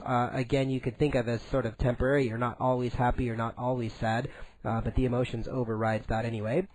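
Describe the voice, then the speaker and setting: A man teaching a recorded Spanish grammar lesson in English, explaining slowly and deliberately with frequent "uh" fillers. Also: medium pitch, darkish tone, dry recording, rough recording.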